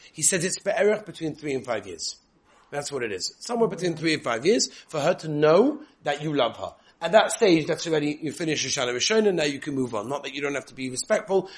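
Animated male lecturer. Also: mid-range voice. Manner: animated storytelling, acting out quoted voices. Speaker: yeshiva lecturer. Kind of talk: Torah lecture to students.

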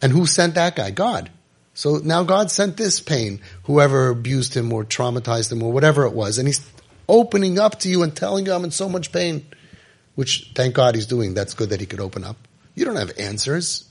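A middle-aged man telling a story and giving advice, emphatic, repeating phrases and dropping to quiet intensity. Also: medium pitch, lively intonation, normal speed, slightly rough. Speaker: rabbi giving parenting advice. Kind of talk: impassioned storytelling talk.

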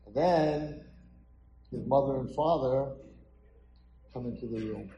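A man's voice: medium pitch, slow, pauses often, dark tone, muffled recording, a little hiss or hum. A man, a rabbi, dramatically telling a story in a sermon at an event hall. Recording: echoey hall.

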